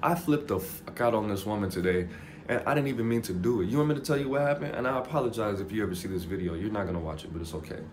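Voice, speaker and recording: A man with a low voice talks straight to camera in a casual motivational monologue. He is animated and jokey, swears freely and pokes fun at himself. A faint hum sits behind him. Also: rapid-fire. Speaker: vlogger.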